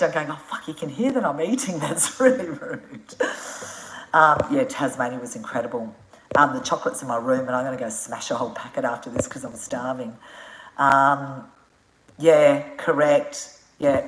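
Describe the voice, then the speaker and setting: Very low-voiced Australian woman, chatty. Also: a bit bright, roomy sound, poor audio. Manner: frank and chatty, swears freely, laughs often. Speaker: adventure motorcycle traveller answering viewer questions. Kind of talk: casual live-stream chat.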